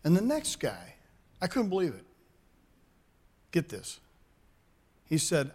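A middle-aged man, a pastor, preaching a sermon with animated storytelling and calls to the congregation. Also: fairly high pitch, takes it slowly, pauses often, slightly rough.

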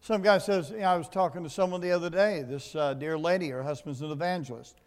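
High-voiced preacher in a reverberant hall. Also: male voice, quick pace, clean tone. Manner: swings from low, quiet asides to loud, emphatic preaching. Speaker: pastor. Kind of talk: sermon. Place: church building.

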